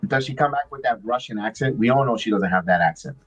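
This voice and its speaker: A man in the middle of a relaxed live watch-along chat, talking at an ordinary mid pitch. He rambles and restarts his thoughts often while faint music plays behind him. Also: breathy edge, poor audio. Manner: rambling, halting, many restarts. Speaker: podcast host.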